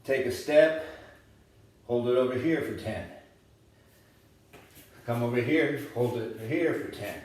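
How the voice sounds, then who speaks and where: A man's voice: mid-range voice, slow pace, long pauses, a little mellow, far from the mic, slight background noise. A man coaching a home workout casually and encouragingly, a bit out of breath as he demonstrates each move. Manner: casual, encouraging, thinks aloud while demonstrating. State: slightly out of breath while exercising. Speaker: fitness coach. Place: indoor room, moving around in front of camera. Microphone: camera mic at a distance. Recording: very echoey room, voice off-mic.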